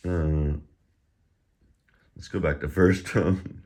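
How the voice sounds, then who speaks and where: In a pronunciation lesson, a language teacher with a slightly mellow bass voice talks extremely slowly, with fairly even intonation and long pauses. He drills syllables individually in a raised voice, then explains them plainly and conversationally, slightly out of breath.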